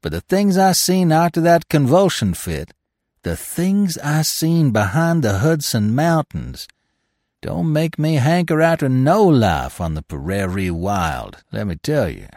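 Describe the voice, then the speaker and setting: A man's voice: a little high, very animated, measured pace, darkish tone, dry recording, studio quality, voice pushed up. A man voicing a sullen old trapper and whaler who talks in a folksy, blunt backwoods drawl. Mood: drawling, rough.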